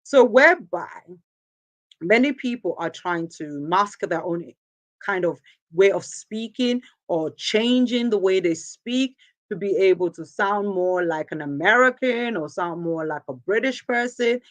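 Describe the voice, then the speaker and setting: A woman's voice: mid-range voice, animated, measured pace, no echo. Emphatic Nigerian woman host. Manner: earnest, emphatic, repeats phrases for stress. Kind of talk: motivational talk.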